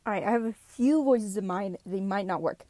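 A woman talking casually between voice takes, with an even, middle pitch. She keeps apologizing and putting herself down as she rambles along. The sound is dry and close. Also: a little fast, no echo. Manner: apologetic, self-deprecating, rambling. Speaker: fan voice actor. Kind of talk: casual recording-session chatter.

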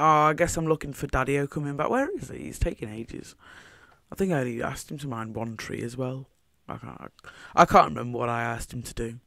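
A man's voice: mid-range voice, fairly bright tone, no room sound. Rambling man narrating gameplay. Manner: meandering, thinking aloud. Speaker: Minecraft builder commentating his own footage. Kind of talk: casual gameplay commentary.

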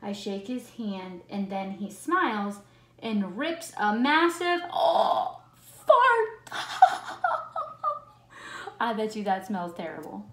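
Slow, expressive woman reading to kids. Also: medium pitch, slight background noise. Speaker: teacher. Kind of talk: reading a picture book aloud to children. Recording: roomy echo.

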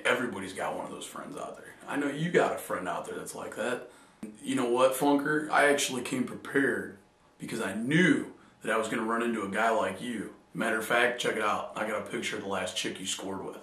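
Man, casual vlogger, joking storyteller, lowish voice, echoey room. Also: brisk, fairly bright tone. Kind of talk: casual joking chat to camera. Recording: echoey room, distant mic.

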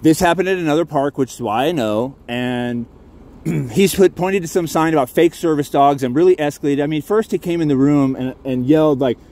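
A man's voice: on the high side, brisk, mellow. Heated man ranting from his truck. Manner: heated, rambling, swears often. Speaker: vlogger filming a confrontation. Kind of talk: agitated first-person recounting. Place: inside his parked truck. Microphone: handheld phone.

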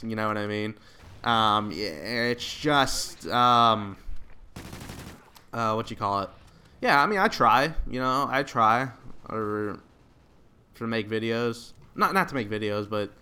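A man's voice: mid-range voice, pushed and bright, a little hiss or hum. A young man doing casual live commentary over a shooter game, rambling with fillers and restarts. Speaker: gaming commentator.

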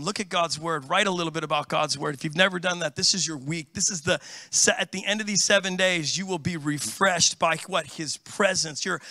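Animated, bright-voiced middle-aged pastor. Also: male voice, high-pitched, no room sound. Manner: animated storytelling, calls out to the congregation. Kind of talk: sermon. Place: church.

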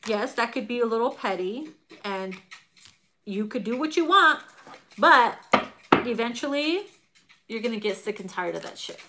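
A middle-aged woman giving a casual tarot reading to viewers, animated and profane, laughing often and acting out quotes. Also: a little high, moderate pace, long pauses, background noise. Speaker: tarot reader.

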